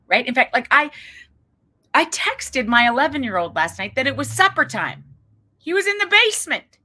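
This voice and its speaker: A woman psychologist giving a lively keynote talk to parents, telling stories with humorous asides and acting out quoted voices. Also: fairly low pitch. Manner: conversational, checks in with the audience.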